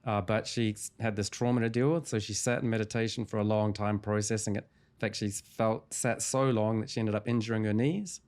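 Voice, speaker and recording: A man with a fairly low voice speaks as a guest in an interview. He retells a client's story in a calm, measured way, walking through each step of a session. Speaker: hypnotherapist guest.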